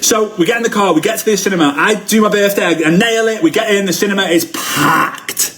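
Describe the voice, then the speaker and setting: A man in his thirties gives a live-streamed sales training talk as a motivational speaker, telling energetic stories and acting out the quotes. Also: sits high, a little fast. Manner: energetic storyteller who acts out quotes.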